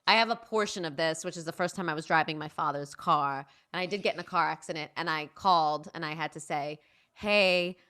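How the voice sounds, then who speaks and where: A woman's voice: deep voice, quick pace, hardly any pauses. A young woman, a playwright and performer guest chatting casually and acting out her family's voices as she tells stories. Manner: lively storyteller, acts out family voices, laughs often. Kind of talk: casual interview chat.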